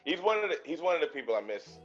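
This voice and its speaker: A man hosting a podcast, chatting in a relaxed way with a friend and cracking dry jokes. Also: a little high, very fast, lo-fi sound, soft background music. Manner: laid-back, dry jokes. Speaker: podcast host and comedian. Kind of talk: casual podcast chat.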